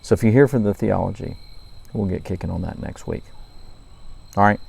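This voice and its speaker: A man from Louisiana casually reviewing pipe tobacco, relaxed and rambling with frequent ums. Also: lowish voice, normal speed, vocal fry, husky. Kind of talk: casual night-time review vlog.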